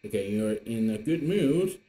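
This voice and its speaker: A man's voice: lowish voice, big pitch swings, moderate pace, warm tone, a little hiss or hum. A man teaching an online lesson in English, patient and repetitive, with many fillers. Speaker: Mandarin teacher.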